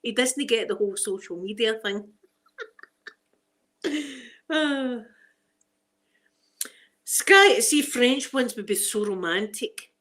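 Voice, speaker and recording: A woman's voice: on the high side, animated, takes it slowly, pauses often, fairly bright tone. A Scottish woman in her forties, chatting casually for an ASMR video, self-mocking and laughing often. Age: 40s. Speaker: ASMR creator.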